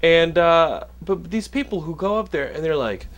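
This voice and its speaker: This young male podcast host has a fairly high-pitched voice and speaks at a moderate pace. In a casual chat, he tells stories with lots of animation and plenty of swearing.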